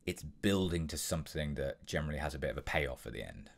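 A man's voice: very deep voice, animated, fast, gravelly. A young man hosting an impressions tutorial, explaining tips in an upbeat, step-by-step way. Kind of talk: instructional tutorial.

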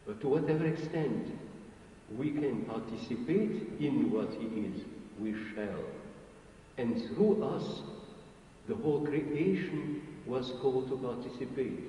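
Man, bishop, spiritual lecture, very dark tone, deliberate halting phrasing, distant archival recording. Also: medium pitch, lively intonation, slight background noise. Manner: slow, deliberate, halting phrases with long pauses. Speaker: Orthodox bishop. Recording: archival recording, echoey hall from far off.

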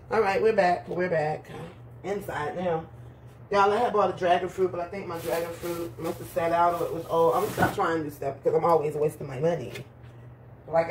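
A woman's voice: fairly low pitch, a little hiss or hum. Chatty woman vlogging at home. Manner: chatty, laughs at own jokes, addresses viewers as y'all. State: slightly rough voice. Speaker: lifestyle vlogger. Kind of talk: casual vlog chat to viewers. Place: home patio then indoors.

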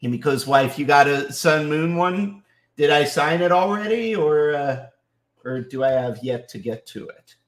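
A man hosting a live autograph signing, chatting casually and greeting viewers by name, slightly sick so his voice sits a little deeper than usual. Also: expressive, measured pace. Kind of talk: casual livestream chat.

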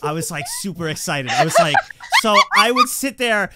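A man telling a funny story in casual chat, animated and hesitant, acting out the scenes. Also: high voice, moderate pace, very noisy.

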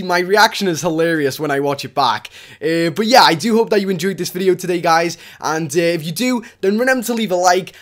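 A woman streaming a game live, chatting to viewers and breaking into excited shrieks and laughs of disbelief. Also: on the low side.

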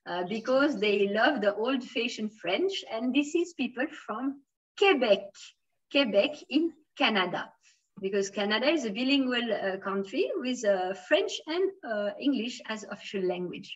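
A woman's voice: a little high, expressive, a little slow, distant mic, lo-fi sound. A woman from Switzerland teaching a beginner French class. She switches between English and French, uses many fillers and keeps encouraging her students. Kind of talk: online language class.

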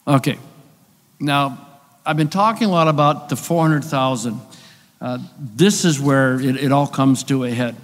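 Man lecturing in a reverberant hall. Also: a little high. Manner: conversational, explains with rhetorical questions and asides. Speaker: conference speaker on biblical texts. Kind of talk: conference lecture. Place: church hall.

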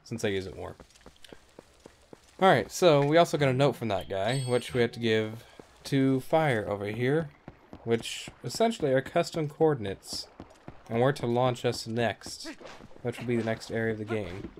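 A man's voice: medium pitch, animated, normal speed, a little mellow, a little hiss or hum. A man hosting a let's play, giving casual, rambling gameplay commentary with wry asides and offhand cursing.

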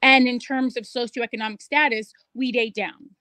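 High-voiced woman arguing her case. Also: fairly even intonation, normal speed, bright, forceful tone, no echo. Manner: cites studies, argues point by point. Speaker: commentator in a played clip. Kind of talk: argumentative commentary.

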